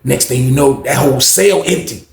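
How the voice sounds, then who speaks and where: A man telling a story in casual slang, animated and acting out other people's voices. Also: mid-range voice, moderate pace, gravelly, roomy sound, noisy background.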